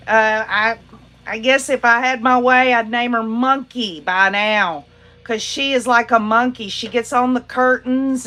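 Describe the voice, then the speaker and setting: Chatty woman live-streamer with a bright voice. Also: on the high side. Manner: chatty, greets and reads viewer comments aloud; emphatic, pointed and opinionated. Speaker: livestream host. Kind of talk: casual true-crime commentary livestream.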